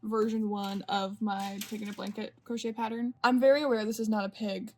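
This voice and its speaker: A woman's voice: medium pitch, flat delivery, fairly quick. A young woman vlogging in a casual, rambling way, partly whispered late at night. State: sleepy at two in the morning. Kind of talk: casual chat to camera.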